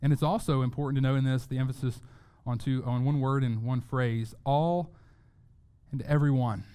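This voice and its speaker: Male pastor, sermon delivery, smooth resonant voice, earnest, repeats words for emphasis. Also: medium pitch, flat delivery, fairly quick, warm tone. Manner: earnest, repeats words when stressing a point.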